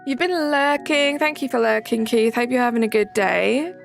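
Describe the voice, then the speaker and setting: A woman's voice: a little high, normal speed, creaky, faint music behind. A young woman streaming a game, chatting casually and answering chat messages aloud.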